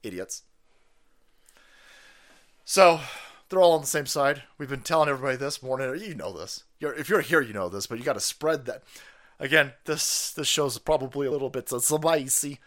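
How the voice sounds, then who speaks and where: A man's voice: mid-range voice, moderate pace. A man hosting a livestream, ranting in profane, mocking commentary over video clips. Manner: profane, mocking, loud outbursts. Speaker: streamer host.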